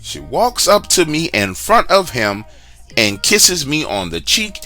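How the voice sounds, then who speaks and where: A man telling a true story from his own life in a casual, lively way, speaking straight to the listener with slang asides. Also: fairly high pitch, measured pace, soft background music. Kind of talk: casual first-person storytelling.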